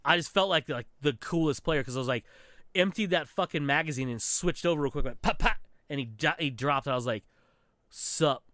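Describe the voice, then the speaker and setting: Fairly quick and on the high side, this man's voice comes through in studio quality with no room sound. He's a podcast co-host sharing gaming tales in easygoing chat, lively and foul-mouthed, playing out the quotes.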